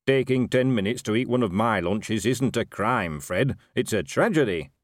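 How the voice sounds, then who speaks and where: Brief: canny cart-seller, measured and knowing, low lively voice, dry, read by a man. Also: no room sound. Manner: careful, knowing. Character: shrewd male street food vendor. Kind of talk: audiobook character voice.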